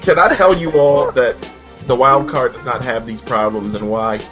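A man's voice: medium pitch, steady tone, moderate pace, fairly bright tone, muffled recording, soft background music. A man in casual chat, joking in a dry way.

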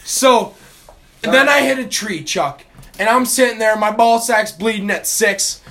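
A man's voice: high-pitched, a little slow, fairly bright tone. A man telling a profane story bluntly in casual podcast chat.

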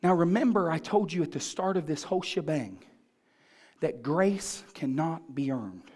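A man's voice: a little high, animated, measured pace, mellow. A man pastor preaching a sermon, asking the congregation questions and building in fervor.

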